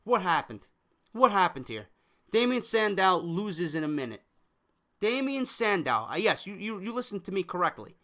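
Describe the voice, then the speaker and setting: A man's voice: sits high, big pitch swings, normal speed, sharp tone. A young man giving a heated, profane solo review rant of a wrestling show, frustrated and venting.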